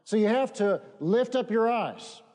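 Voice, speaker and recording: A man's voice: sits high, lively intonation, measured pace, mellow, long reverb tail. A man preaching a sermon, leading the congregation to repeat phrases after him. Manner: emphatic, leads congregation in call-and-response. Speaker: pastor.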